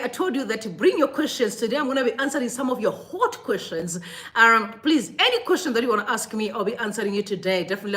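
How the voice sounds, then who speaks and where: A woman's voice: fairly high pitch, fairly bright tone. A woman hosting a casual livestream, chatty and effusive, often breaking into laughter. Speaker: livestream host.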